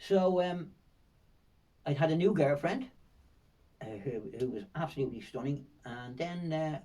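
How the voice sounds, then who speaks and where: A man's voice: fairly high pitch, expressive, unhurried, mellow, recorded from a distance, low-quality recording. An older man from Ireland with a Dublin accent, a podcast guest who tells vivid, rambling stories full of fillers and repeats. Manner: rambling, vivid storytelling with frequent fillers and repetitions. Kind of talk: storytelling in a podcast interview.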